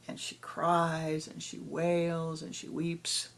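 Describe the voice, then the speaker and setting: A woman spiritual teacher tells a parable in a meditation talk, with rhythmic, dramatic phrasing that often sinks to a hush. Her voice sits low, with a gravelly, creaky texture. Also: monotone, slow.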